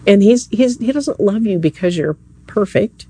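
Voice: medium pitch, animated, moderate pace, mellow, breathy edge. A preacher giving a sermon at an evening church service, speaking earnestly and conversationally and addressing the listeners directly.

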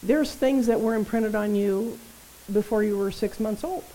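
A woman preaching a sermon in a conversational, animated way, often checking in with her listeners. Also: medium pitch, moderate pace, slight background noise, poor audio. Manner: conversational, animated, tag questions.

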